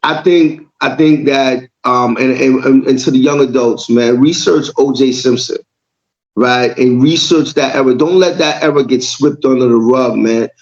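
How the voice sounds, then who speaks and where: A man's voice: medium pitch, moderate pace, dull audio. A man from Jamaica co-hosting a casual podcast, making his points with repeated words and frequent "right?" checks. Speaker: podcast co-host.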